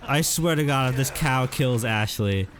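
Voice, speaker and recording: A man streaming a horror game, chatting casually and hesitantly with many fillers, now and then yelling at the game. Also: unhurried, a little hiss or hum. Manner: rambling, hesitant, lots of fillers; yelps at the game in a higher voice. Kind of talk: casual gameplay commentary.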